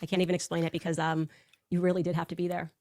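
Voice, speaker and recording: A woman telling personal stories in a fast, animated way, acting out the quotes. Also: on the low side, dry recording. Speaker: political commentator. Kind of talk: personal storytelling on a show.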